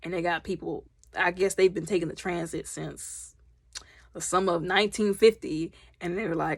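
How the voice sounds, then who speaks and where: A woman recapping a movie in a loud, chatty, slangy way. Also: on the low side, steady tone, moderate pace, husky, no echo, clean studio sound. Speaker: movie reviewer.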